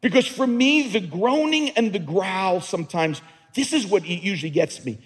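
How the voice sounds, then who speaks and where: A man's voice: high voice, expressive, moderate pace, breathy edge. A male pastor preaching a sermon to a congregation in an earnest, emphatic way, often repeating and restarting words. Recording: long reverb in a large hall.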